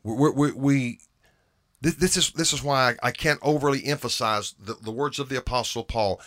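A man's voice: mid-range voice, moderate pace, fairly bright tone. A man preaching a sermon in an earnest way, often repeating phrases and restarting his words for emphasis.

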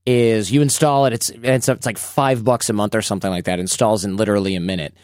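A man's voice: on the low side, fairly even intonation, fast, a little mellow, dry recording, clean studio sound. A man hosting a podcast, chatting casually and telling stories animatedly. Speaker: podcast host.

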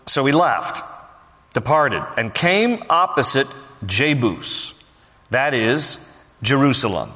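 A man's voice: medium pitch, pushed and bright. An older man giving a casual, joking verse-by-verse sermon, explaining the text in everyday slang. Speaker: pastor. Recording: long reverb of a hall.

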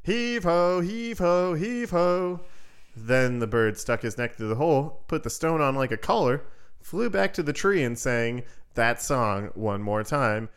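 A man's voice: mid-range voice, animated, moderate pace, a bit bright, clean tone. A man hosting a podcast who reads a fairy tale aloud in a casual, playful way and adds joking asides. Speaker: podcast host.

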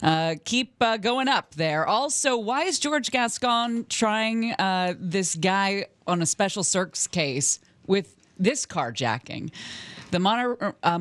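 Brisk woman reading radio news, dry sound. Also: mid-range voice, expressive, no room sound. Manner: brisk, skeptical. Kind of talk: news rundown on talk radio. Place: radio studio.

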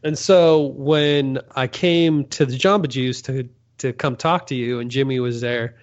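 A man's voice: mid-range voice, steady tone, measured pace. An easygoing man with a mid-range voice tells a story in casual chat, modest about himself. The recording is dull and lo-fi. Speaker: podcast co-host. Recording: muffled lo-fi recording.

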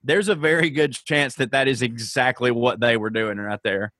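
A man co-hosting a podcast, reacting to a TV episode with quick asides and frequent laughter. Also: mid-range voice, fairly bright tone, no echo, clean studio sound. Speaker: podcast co-host. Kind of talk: casual chat recapping a TV episode.

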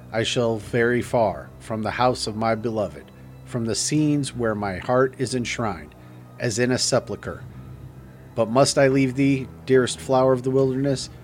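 A man's voice: mid-range voice, natural voice. A man playing a fiendish stranger who speaks in theatrical, menacing old-fashioned declamation. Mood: brooding lament. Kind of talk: audiobook character reading.

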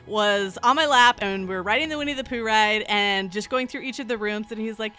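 A woman tells a story in a lively, expressive way, with a crisp, bright voice. Faint music sits in the background. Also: mid-range voice, a little fast. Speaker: podcast panelist. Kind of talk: casual storytelling chat.

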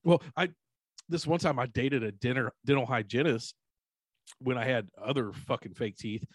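Male co-host, mid-pitched, relaxed and profane, dry mic. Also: moderate pace, dry recording. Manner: profane, laid-back bragging. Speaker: podcast co-host. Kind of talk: casual podcast chat.

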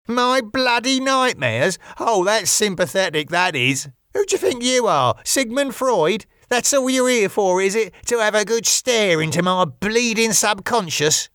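A man reading an audiobook, voicing an excitable, touchy young Englishman with a shrill, indignant voice. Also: unhurried, few pauses, clean tone, no room sound, studio quality, full character voice.

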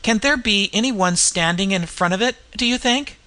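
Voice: medium pitch, normal speed, pushed and bright, natural voice. A reader voicing a frightened, superstitious male railway inspector in a storybook, gasping and pleading. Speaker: storybook character.

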